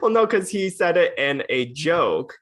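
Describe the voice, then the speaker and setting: A man co-hosting a podcast in casual chat, animated and gossipy, leaning on "like" a lot. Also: on the high side, unhurried. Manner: animated, gossipy, heavy use of "like". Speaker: podcast co-host.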